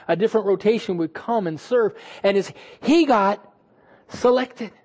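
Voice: medium pitch, darkish tone. Conversational preacher telling a scripture story. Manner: storytelling, acting out quoted thoughts; conversational, asks the audience questions. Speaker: pastor. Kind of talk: sermon.

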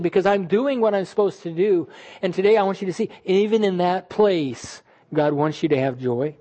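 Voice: medium pitch, normal speed, a little mellow. A pastor preaching a sermon in a conversational way, retelling a scripture story, acting out people's thoughts and asking the listeners questions. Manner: conversational, asks the audience questions.

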